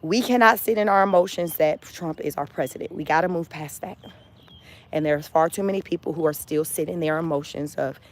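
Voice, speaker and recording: A woman's voice: low voice, a little fast. A woman hosting a casual motivational livestream, talking emphatically, repeating phrases and laughing often. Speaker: livestream host.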